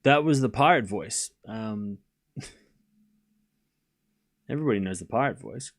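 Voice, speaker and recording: A man's voice: fairly low pitch, animated, unhurried. A man hosting a live tennis watchalong stream, calling points casually and thanking viewers for donations. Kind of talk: live play-by-play commentary over a scoring stream.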